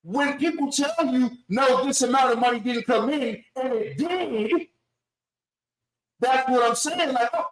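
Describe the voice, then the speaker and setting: A man's voice: very high voice, a little slow. A man co-hosting a podcast, making his point earnestly in casual debate, restarting sentences often. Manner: restarts, repeats "here's the thing", earnest. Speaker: podcast co-host. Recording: echoey room.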